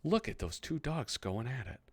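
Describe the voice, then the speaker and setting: Chatty lively man in his thirties. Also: mid-range voice, normal speed, husky, dry recording. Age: 30s. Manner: chatty, rambling, easily excited. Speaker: host. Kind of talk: casual commentary while flipping through a magazine.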